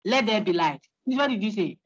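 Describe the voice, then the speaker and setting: A woman's voice: mid-range voice, moderate pace, slightly rough, no echo, muffled recording. A woman lecturer, giving an interactive online lecture, laughing often and quizzing her students. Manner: animated, laughs often, asks students questions. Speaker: university lecturer.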